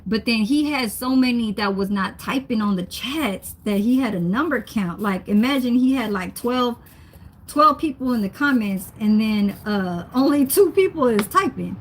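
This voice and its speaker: A woman's voice: a little high, animated, normal speed. Chatty young woman streaming while cooking. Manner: chatty, laughs often, reads comments aloud. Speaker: livestream host. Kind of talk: casual livestream chat while cooking. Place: home kitchen.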